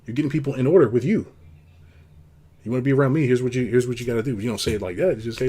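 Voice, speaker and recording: A man hosting a casual monologue, rambling and blunt, acting out quoted lines in a high put-on voice. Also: very fast, warm tone, slight background noise. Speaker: host.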